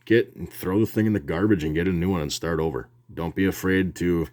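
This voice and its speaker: A man's voice: low voice, brisk, a little mellow. A man talking casually about his hobby in his home workshop, rambling and plain-spoken with frequent restarts. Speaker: hobby video host. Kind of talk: casual how-to talk.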